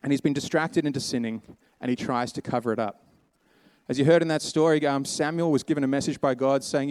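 Male pastor, casual sermon storyteller, mid pitch, dry close sound. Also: steady tone, fairly quick, a little mellow, clear, resonant tone, no echo. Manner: casual storytelling, acts out characters' quotes. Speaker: preacher.

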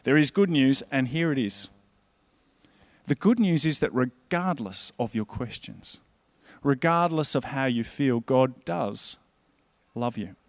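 A man's voice: medium pitch, lively intonation, slow pace, creaky, dry recording. A man preaching a sermon in a conversational, earnest way. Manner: conversational, earnest, with quoted inner voices.

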